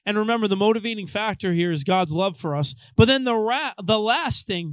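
Young male pastor, high-pitched, emphatic, jokey, dry close sound. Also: normal speed, dry recording, low-quality recording. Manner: energetic, emphatic and joking. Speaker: youth pastor. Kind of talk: casual chat.

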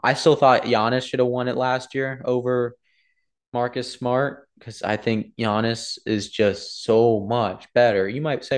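A man's voice: mid-range voice, flat delivery, measured pace. A young man chatting casually about basketball, rambling and correcting himself as he talks to his viewers. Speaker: sports vlogger. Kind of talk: casual sports commentary.

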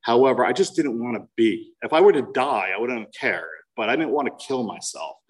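A man in his forties from New Jersey tells his own recovery story at a meeting. His voice sits at an ordinary pitch, and his delivery is frank and self-mocking with dry jokes. The mic picks him up from across a meeting room. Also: expressive, fairly quick, distant mic, low-quality recording. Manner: candid and self-mocking, with wry humor.

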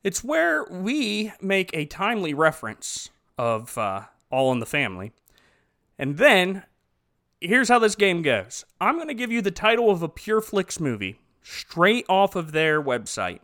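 A man hosting a podcast, recapping a film in a joking, sarcastic, animated way. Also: high-pitched, measured pace. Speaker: podcast host. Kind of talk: casual chat recapping a film.

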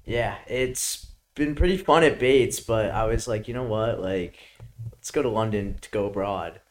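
Casting: young man, New York accent, slightly low voice, easygoing storyteller with lots of "like". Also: unhurried. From Brooklyn, New York. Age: young adult. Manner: laid-back, laughing, lots of "like". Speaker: guest. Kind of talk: casual chat.

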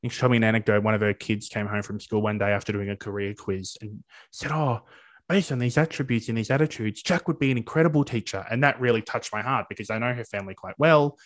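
A man's voice: on the low side, fast. A young Australian man answering interview questions about his path into teaching, earnest and enthusiastic, often restarting his sentences.

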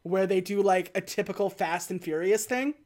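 A woman's voice: medium pitch, normal speed, a little mellow. A woman co-hosting a casual movie review chat, talking with lots of fillers and self-deprecating restarts. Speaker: podcast co-host reviewing movies.

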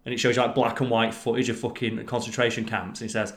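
A man chatting casually on a podcast, telling stories in an animated way and swearing freely. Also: medium pitch, fast, few pauses. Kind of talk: casual chat. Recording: roomy echo.

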